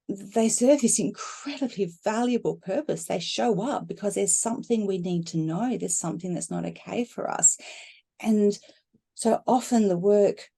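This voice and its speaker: A middle-aged woman speaking as a guest in a conversational talk, animated and laughing as she acts out inner voices. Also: fairly low pitch. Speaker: guest speaker on emotional healing.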